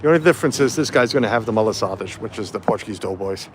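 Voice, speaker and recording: A man's voice: fairly low pitch, expressive, very fast, slight background noise. A man chatting casually on a phone livestream while walking around a festival site outdoors, rambling with lots of fillers. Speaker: livestream vlogger. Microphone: phone camera held while walking.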